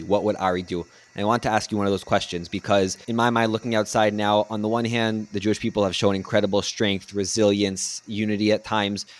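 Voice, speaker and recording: A man hosting a podcast, asking earnest, measured interview questions. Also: on the low side. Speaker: podcast host.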